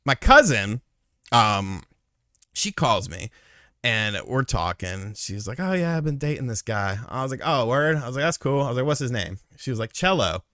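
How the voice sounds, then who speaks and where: A man around thirty telling a story casually, acting out the quotes with big jumps in loudness and swearing freely. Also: normal speed, dry recording, studio quality. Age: late 20s or 30s. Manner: animated, acts out quotes with big swings in pitch and volume, swears freely.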